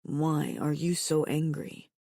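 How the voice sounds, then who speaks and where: Woman reading as a calm, mild alien barbarian guy, low even voice, dark mellow tone. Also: normal speed, no room sound, clean studio sound, natural voice. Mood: hushed. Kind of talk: audiobook character voice.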